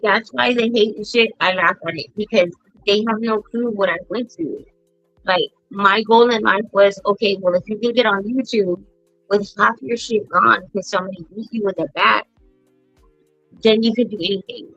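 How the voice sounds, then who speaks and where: A middle-aged woman hosts a podcast, bluntly telling family stories in casual chat with plenty of swearing. Her voice is medium-pitched, steady and fairly bright, at a moderate pace. The recording is dry with a dull lo-fi sound, and soft music plays in the background.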